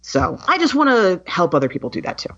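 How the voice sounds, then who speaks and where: A woman's voice: fairly low pitch, sing-song, quick pace, slightly rough. A woman who is a podcast guest, talking candidly and earnestly with many restarts. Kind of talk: casual interview chat. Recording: dull, muffled sound.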